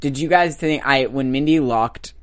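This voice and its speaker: A man's voice: mid-range voice, normal speed, crowd noise. A man co-hosting a TV recap show, rambling and giggling as he relives favorite scenes. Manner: giggly, rambling, breaks into mimicry of characters. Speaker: after-show co-host. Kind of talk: casual TV recap chat.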